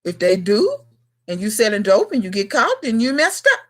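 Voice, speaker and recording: A woman's voice: mid-range voice, sing-song, moderate pace, fairly bright tone. A woman in her thirties hosting a casual livestream chat, talking bluntly to her viewers in slangy, emphatic speech. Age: 30s. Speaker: gardening channel host.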